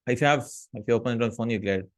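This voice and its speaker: A man's voice: mid-range voice, racing. Man teaching grammar, checking "right?". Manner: explanatory, checks in with "right?" and "hmm?". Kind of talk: online grammar lesson.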